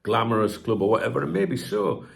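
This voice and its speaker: Male football channel host, mid-pitched, casual and digressive, reads news then riffs bluntly. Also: animated, fairly quick, creaky. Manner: chatty and digressive, with frequent fillers and rhetorical asides; blunt, occasional swearing. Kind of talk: reading news aloud with casual commentary.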